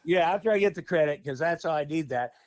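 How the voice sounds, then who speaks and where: Male podcast guest, higher-pitched voice, lively and profane storyteller, close dry mic. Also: fast talker, no room sound. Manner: animated, profane, laughing often. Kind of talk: casual storytelling.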